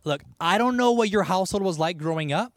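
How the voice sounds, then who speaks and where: A man preaching a sermon in a conversational, animated way, with asides and laughs. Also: high voice, a little fast, dry recording, studio quality. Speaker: pastor.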